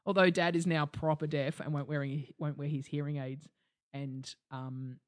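A woman's voice: low-pitched, moderate pace, no echo, clean studio sound. A young woman co-hosting a podcast, chatting casually and swearing freely while she acts out the people in her stories. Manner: profane, animated storyteller who acts out quotes. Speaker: podcast co-host. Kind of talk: casual chat.

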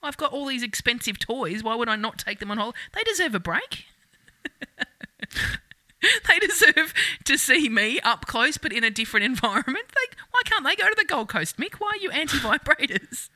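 An Australian woman in her thirties, cohosting a loose, foul-mouthed chat. She laughs through her stories and puts on the voices of the people in them. Her voice is very bright, and the sound is dry and close. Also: sits high, moderate pace, long pauses, no room sound. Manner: crude, laughing, animated storyteller who acts out quotes. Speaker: podcast co-host. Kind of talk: casual chat.

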